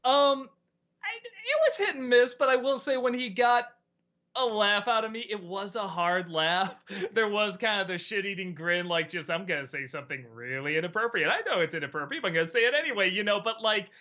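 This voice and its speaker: Bright-voiced man, laid-back chatty host. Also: sits high, brisk, highs cut off. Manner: relaxed, rambling, laughs often. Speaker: host of a weekly Q&A stream. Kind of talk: casual chat answering viewer questions.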